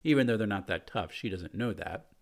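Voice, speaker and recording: A man's voice: fairly low pitch, fairly quick. Man telling a tabletop game story. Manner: relaxed and chatty, with fillers. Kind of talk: casual storytelling.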